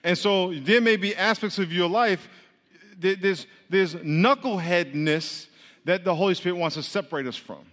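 High-voiced preacher leading call-and-response. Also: male voice, moderate pace, a bit bright. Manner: playful, teasing the congregation, leading repeat-after-me chants. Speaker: pastor. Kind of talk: interactive sermon with call-and-response. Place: church hall. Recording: long hall reverb.

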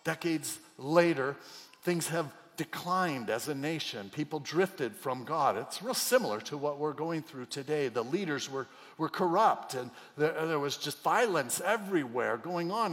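A man preaching a sermon as pastor, swinging from loud cries to near whispers. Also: on the high side, expressive, a little slow, in a large hall. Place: church auditorium.

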